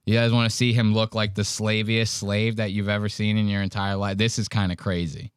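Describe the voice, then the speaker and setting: A man's voice: on the low side, level tone, a little fast, clean tone, no room sound, clean studio sound. A man giving crude, mocking commentary while reacting to clips on a live stream. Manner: crude, mocking, loose and rambling.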